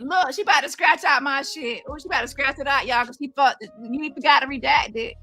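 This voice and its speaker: High, bright-voiced woman ranting. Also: brisk, hardly any pauses, faint music behind. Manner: profane, confrontational, calls out. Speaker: commentary host. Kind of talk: heated commentary rant.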